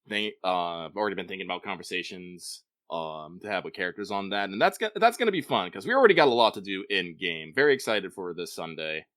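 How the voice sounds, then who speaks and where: A man with a bright, forward voice talks in long, loose runs, swearing freely and correcting himself mid-sentence. He is a podcast co-host in casual conversation, recorded close and dry. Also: sits low, lively intonation, quick pace, few pauses, no room sound.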